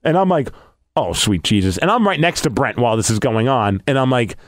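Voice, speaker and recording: A man co-hosting a casual podcast, telling a story with excitable, animated energy. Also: mid-range voice, quick pace, no room sound, studio quality. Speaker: podcast co-host. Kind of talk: casual chat.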